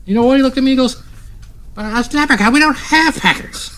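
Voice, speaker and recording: A man voicing a brash fellow who tells a bar joke in quick, punchy bursts. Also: very high-pitched, fairly bright tone, pitched above the performer's own voice. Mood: brash joking. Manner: rapid, punchy joke delivery.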